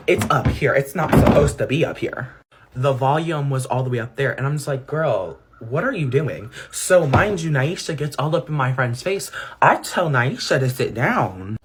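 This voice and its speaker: A man's voice: a little high, a little hiss or hum. A man telling a story in a chatty, gossipy vlog style, full of asides. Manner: gossipy, chatty storytelling with many "like" and "mind you". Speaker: vlogger. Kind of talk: storytime get-ready-with-me vlog.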